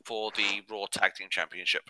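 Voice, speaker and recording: A man's voice: fairly low pitch, little pitch movement, normal speed, pushed and bright, a little hiss or hum, low-quality recording. A man co-hosting a podcast, chatting casually and often restarting his sentences mid-thought. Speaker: podcast co-host. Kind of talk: casual chat.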